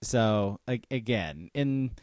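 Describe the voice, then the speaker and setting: A man's voice: lowish voice, expressive, takes it slowly, a little mellow, no room sound, clean studio sound. A man co-hosting a sports podcast, wry and teasing as he runs the segments in casual chat. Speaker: podcast co-host.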